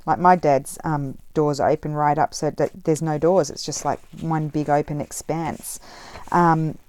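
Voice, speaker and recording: A woman's voice: sits low, steady tone, unhurried, a little mellow, dry recording. A middle-aged woman chatting casually while she crafts, rambling with many fillers. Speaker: craft vlogger. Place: home craft table, indoors.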